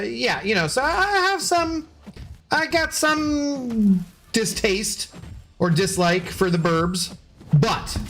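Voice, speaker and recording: Creaky and fairly bright, this man's higher-side voice belongs to a gaming streamer reading chat. His casual live-stream talk with viewers is full of jokes, sarcasm, and free swearing.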